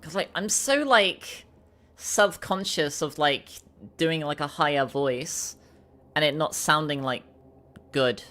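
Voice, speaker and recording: A woman streamer with a naturally low voice, chatting self-consciously with many fillers while recording lines. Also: slow pace, sharp tone.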